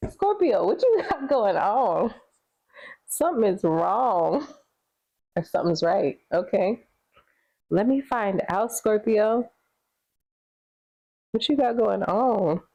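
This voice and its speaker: A woman's voice: medium pitch, animated, slow pace, pauses often, warm tone, highs cut off. A woman giving casual tarot readings, chatty and rambling with lots of fillers, laughing easily. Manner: sings song snippets between readings. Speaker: tarot reader.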